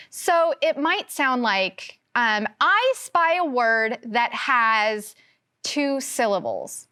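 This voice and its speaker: A young woman teaches a televised first grade phonics lesson, sounding out each word carefully for young children. Her voice sits a little high and swoops up and down in a lively, sing-song way. She speaks slowly and patiently. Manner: slow, clear, sounding out words for young children.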